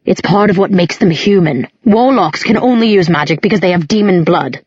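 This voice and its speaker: A woman's voice: on the low side, lively intonation, fairly quick, a little mellow, breathy edge, no room sound, dull audio. A woman voicing an arrogant teenage boy warrior who talks in a haughty, curt, disdainful way.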